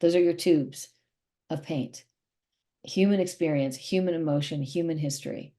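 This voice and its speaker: Emphatic, animated actress guest. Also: female voice, sits low, normal speed. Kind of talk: casual interview chat.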